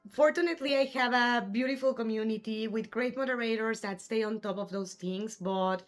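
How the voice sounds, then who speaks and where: A woman's voice: on the high side, normal speed. Chatty woman streamer over faint music. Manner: chatty, answers viewers' chat messages. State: has the hiccups. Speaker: livestream gamer host. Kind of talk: casual live-stream chat.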